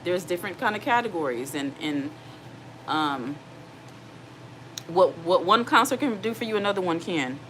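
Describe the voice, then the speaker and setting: Earnest single mom talking straight to viewers. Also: female voice, lowish voice, expressive, moderate pace, pauses often, fairly bright tone, rough recording. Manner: earnest, direct, addresses viewers as y'all. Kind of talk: casual advice to viewers. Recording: noticeable background noise.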